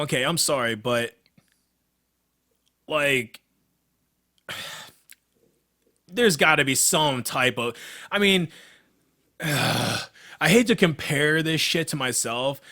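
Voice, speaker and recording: This young MMA fighter, co-hosting a laid-back podcast, has a mid-range voice with lively intonation and a bright, forceful tone. He takes it slowly, leaving long pauses. He discusses his fighting career bluntly, swearing and getting worked up.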